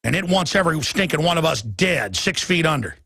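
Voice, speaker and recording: Ranting radio host guy, gravelly and bright, kinda husky, super dry sound. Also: on the high side, very animated, fairly quick, no room sound. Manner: ranting, emphatic, swings loud and soft. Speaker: radio talk show host. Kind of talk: heated radio monologue. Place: radio studio.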